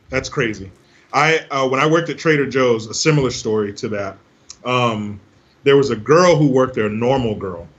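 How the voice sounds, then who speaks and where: Husky easygoing man on lo-fi audio. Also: medium pitch, fairly bright tone. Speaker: show host. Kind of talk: casual chat. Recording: dull lo-fi audio.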